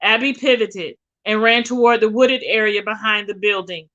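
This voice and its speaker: Bright-voiced woman reading a thriller aloud. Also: mid-range voice, normal speed, dull audio. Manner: expressive, dramatic storytelling. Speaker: reader.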